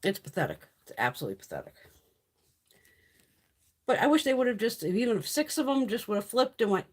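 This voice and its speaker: A woman's voice: mid-range voice, huge pitch swings, a little fast, long pauses, husky. A woman hosting a casual live stream chat, ranting with frequent swearing and laughing often. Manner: profane, ranting, exasperated.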